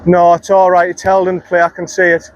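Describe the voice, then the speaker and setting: A man's voice: sits high, monotone, brisk, lo-fi sound. A man giving chatty, self-critical commentary while playing a round of golf outdoors, muttering at himself after bad shots. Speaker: golf vlogger. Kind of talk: casual on-course commentary.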